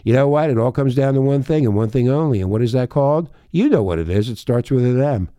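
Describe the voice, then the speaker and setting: A man's voice: mid-range voice, animated, fast talker, dark tone, no room sound, clean studio sound. Profane, ranting male talk radio host. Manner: profane, emphatic, confrontational.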